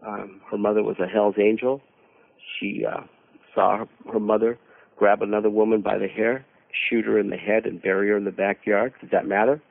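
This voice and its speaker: A man telling a personal story as a guest on a radio conversation, halting and repeating words as he searches for them. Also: on the low side, level tone, gravelly. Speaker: mission team leader, radio guest. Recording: narrow phone-like radio audio.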